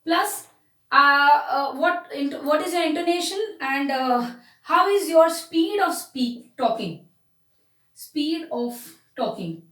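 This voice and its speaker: Woman teacher, high voice, explanatory delivery with fillers; recorded off-mic in an echoey room. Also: animated, slow pace, a bit bright, far from the mic. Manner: explanatory, with frequent fillers and restarts. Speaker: communication skills teacher. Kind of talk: spoken lesson.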